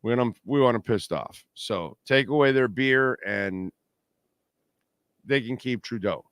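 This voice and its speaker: The host of this casual postgame sports livestream is a middle-aged man, brash and trash-talking, who also reads sponsor plugs and super chats. He speaks at an unhurried pace in a smooth, resonant, medium-pitched voice with a fairly bright tone, captured dry and close without any room around it.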